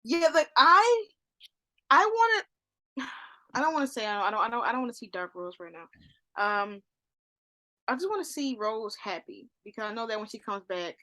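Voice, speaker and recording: A woman co-hosting a casual TV review podcast, excitable, with sudden loud outbursts and lots of fillers. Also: mid-range voice, fairly quick. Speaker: podcast co-host. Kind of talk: casual chat reviewing a TV show.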